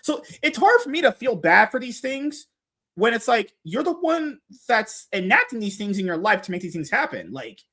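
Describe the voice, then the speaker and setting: An American woman, a guest debater on a casual chat podcast, argues her point emphatically. Her voice sits on the high side with big swings in pitch, a fairly bright tone, and a moderate pace.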